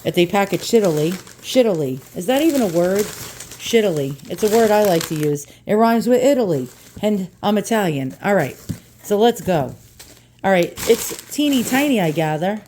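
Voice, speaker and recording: A woman's voice: medium pitch, lively intonation, normal speed, darkish tone, slight background noise. A woman with a New York accent, chatting casually and bluntly through an unboxing, joking and swearing now and then. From New York, USA. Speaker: vlogger.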